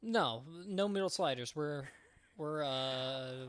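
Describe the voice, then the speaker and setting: A laid-back man in casual conversation who trades dry quips and offhand stories. His voice sits a little high for a man and sounds close and dry, with no room around it. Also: normal speed, a bit bright, no echo. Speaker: podcast co-host. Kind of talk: casual chat.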